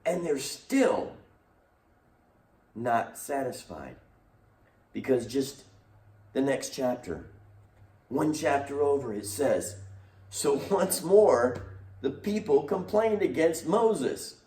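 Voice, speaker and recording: Man, youth pastor, animated delivery, echoey room, mic set back. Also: medium pitch, takes it slowly, recorded from a distance. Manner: animated, acts out quoted voices. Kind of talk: recorded youth lesson.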